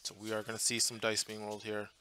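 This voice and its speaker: A man's voice: on the low side, completely flat delivery, fast talker, sharp tone. A man commentating live on a tabletop tournament match, chatty and thinking aloud with fillers and restarts, from a booth at the event. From Portland area, US.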